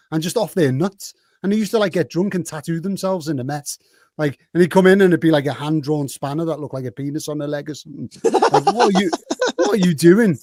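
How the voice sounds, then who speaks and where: A man's voice: on the high side, darkish tone, no echo, clean studio sound. A man with a Liverpool accent, telling loose, swearing, laughing anecdotes in a casual podcast chat and acting out quoted lines. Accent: Liverpool English. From Liverpool, England.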